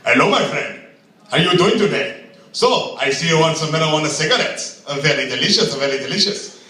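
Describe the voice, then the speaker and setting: Man doing a fawning store clerk, salesy, lower voice; echoey room, distant mic. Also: animated, brisk, pushed and bright. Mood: sweet-talking. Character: overly friendly male convenience store clerk.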